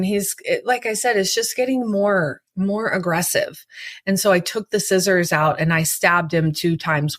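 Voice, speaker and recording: A woman with a lowish voice tells her own story in a vivid, urgent rush, acting out the lines people said. The sound is close and dry, with no room echo. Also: fairly bright tone. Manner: vivid, urgent retelling with acted-out quotes. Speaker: podcast host telling her own story. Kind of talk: personal storytelling.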